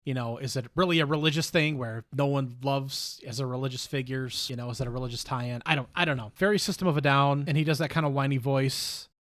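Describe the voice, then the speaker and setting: Brief: podcast co-host, mid-pitched man, dry close mic, careful, note-driven critique. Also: fairly even intonation, quick pace, few pauses, a bit bright, no room sound. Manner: methodical, refers to notes, hedges his opinions. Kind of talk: casual music review chat.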